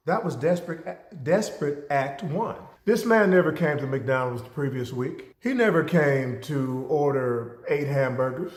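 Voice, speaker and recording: A male lecturer with a somewhat high voice tells stories in an animated way, full of rhetorical questions. He is recorded on camera in a roomy room with a clear echo. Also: measured pace, hardly any pauses, slight background noise. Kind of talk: storytelling lecture.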